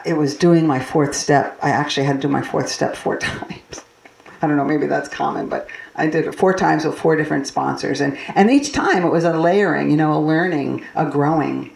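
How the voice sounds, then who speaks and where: Low-voiced woman minister in echoey hall. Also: vocal fry. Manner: earnest, heartfelt, personal. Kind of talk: sermon and anniversary blessing. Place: church sanctuary. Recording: echoey hall, mic far off.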